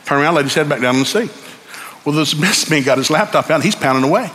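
A man preaching a sermon in a church, telling stories in an animated way and building up to shouts. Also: a little high, rapid-fire, a little hiss or hum. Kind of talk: sermon with storytelling.

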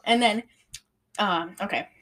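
A woman's voice: medium pitch, a little slow, a bit bright, a little hiss or hum. A woman co-hosting a casual movie review chat, rambling and giggly with lots of fillers. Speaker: podcast co-host.

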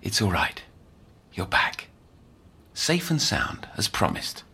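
An actor playing a calm, probing counsellor in an audio drama, speaking in a soft, firm and reassuring way. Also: male voice, on the low side, slow, slightly rough, heavily acted. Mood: firm reassurance. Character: calm, probing male counsellor guiding a patient.

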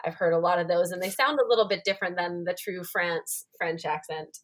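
A woman's voice: fairly low pitch, a little fast. A woman from Canada hosting a podcast interview, friendly and reassuring, laughing easily while chatting. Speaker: podcast host. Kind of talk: casual interview.

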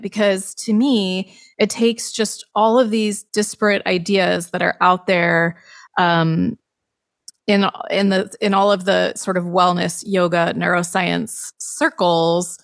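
A woman's voice: mid-range voice, vocal fry, no echo, clean studio sound. A woman hosting a podcast interview, effusive and enthusiastic with her guest. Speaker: podcast host.

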